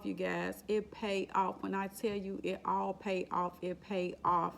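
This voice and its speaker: A woman's voice: mid-range voice, flat delivery, a little slow, creaky, hardly any pauses, slight background noise. A woman vlogger telling an emotional, faith-filled personal story in a casual, repetitive way. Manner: exclaims and laughs while retelling. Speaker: vlogger sharing her exam story.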